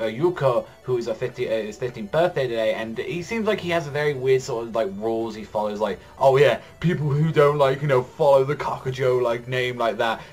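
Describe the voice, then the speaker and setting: A young man recapping a comic chapter in loose, rambling talk, his pitch sitting right in the middle of the usual male range. He leans on "like" constantly and swears freely as he goes. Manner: rambling, heavy use of "like", swears often. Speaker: anime and manga reaction vlogger.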